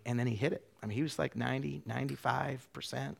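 Gravelly-voiced pastor telling a sermon story. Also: male voice, medium pitch, fairly even intonation, quick pace. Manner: conversational, many restarts, drops to hushed quotes.

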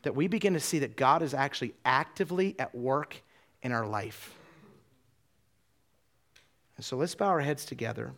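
A male pastor with a gravelly, slightly fry-edged voice at a middle pitch. He preaches in a loose, conversational storytelling way, full of restarts, and sinks into hushed tones for quoted lines. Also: animated, normal speed, pauses often. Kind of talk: sermon with storytelling.

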